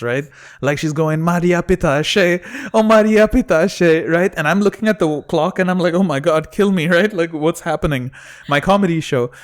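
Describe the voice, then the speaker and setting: A man, a comedian guest on a casual podcast, telling an animated story, acting out quotes and laughing often. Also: a little high. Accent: Emirati-raised English.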